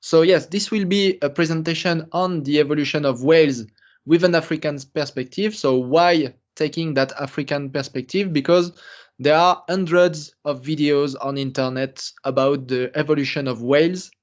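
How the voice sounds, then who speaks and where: A man's voice: a little high, steady tone, normal speed, lo-fi sound. French-accented man giving a lecture. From France. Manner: careful, apologetic, many fillers. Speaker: paleontology lecturer. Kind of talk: recorded lecture presentation.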